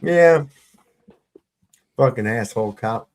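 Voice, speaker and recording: A man on a video-call livestream, telling stories with lots of swearing and laughter, getting loud when he retells arguments. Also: medium pitch, expressive, slow. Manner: profane, storytelling, laughs often, gets heated retelling run-ins. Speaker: panel co-host. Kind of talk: casual livestream chat.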